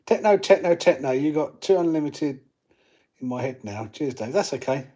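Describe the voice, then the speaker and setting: Husky man hosting a live stream. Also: mid-range voice, moderate pace, dark tone. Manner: chatty, reads viewer comments aloud. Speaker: channel host. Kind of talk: live stream chat while tinkering.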